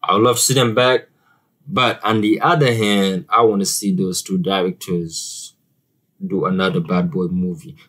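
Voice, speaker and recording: A man's voice: low-pitched, steady tone, moderate pace, a bit bright, low-quality recording. A man with an African accent giving a casual, chatty movie review to camera, often repeating words and using fillers.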